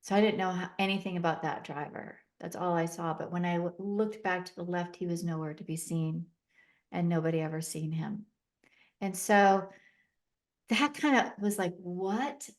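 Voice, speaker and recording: Middle-aged woman, lowish voice, podcast guest, personal storytelling, vivid and emotional retelling. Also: moderate pace.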